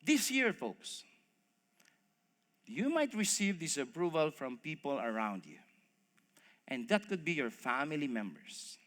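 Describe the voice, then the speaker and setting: Lively preacher in a big echoing church. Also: male voice, on the high side, unhurried, pauses often. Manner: animated storytelling, acting out voices, addresses congregation as folks. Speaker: pastor. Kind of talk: sermon. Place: church hall. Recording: long reverb of a church hall.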